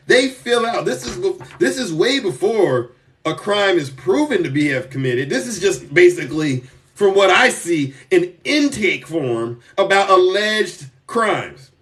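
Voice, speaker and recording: A man's voice: high-pitched, fairly bright tone, recorded from a distance. A man doing a casual live political rant as a TikTok commentator, sarcastic and emphatic, often repeating himself.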